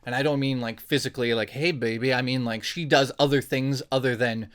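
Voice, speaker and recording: A young man, a YouTuber, telling a story to his viewers in an animated, excitable, jokey way. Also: mid-range voice, brisk, smooth. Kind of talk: casual storytelling vlog.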